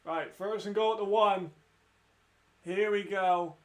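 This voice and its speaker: A man hosting a football watch-along, commenting live with excitement, frequent swearing and laughter. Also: high voice, slow pace.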